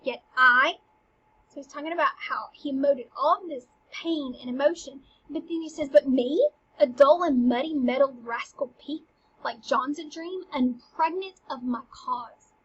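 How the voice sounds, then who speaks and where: Woman teacher, high voice, slangy lively paraphrase, lo-fi sound. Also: measured pace. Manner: lively, slangy paraphrase mixed with dramatic reading. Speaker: teacher explaining a play. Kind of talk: casual lecture paraphrasing a play. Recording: dull lo-fi recording.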